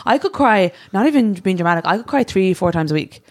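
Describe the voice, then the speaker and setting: A woman's voice: medium pitch, animated, fast. A woman co-hosting a podcast, chatting casually and rambling, with many restarts and lots of "like". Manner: rambling, restarts a lot, heavy use of "like". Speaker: podcast co-host. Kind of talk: casual chat.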